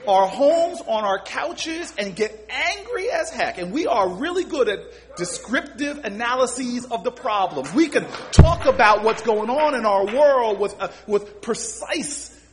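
A man's voice: very high-pitched, sing-song, unhurried, few pauses, a little hiss or hum. A man giving an impassioned motivational speech, telling stories and repeating words as he builds. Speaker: public speaker.

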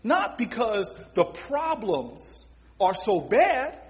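A man's voice: high voice, huge pitch swings, takes it slowly. A man giving an impassioned motivational speech, telling stories and repeating words as he builds. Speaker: public speaker.

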